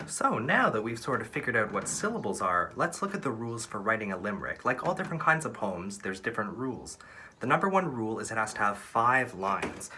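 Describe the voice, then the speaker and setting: A young man teaching an upbeat, encouraging online drama lesson for kids, counting out syllables slowly. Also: fairly low pitch, sharp tone, slight background noise.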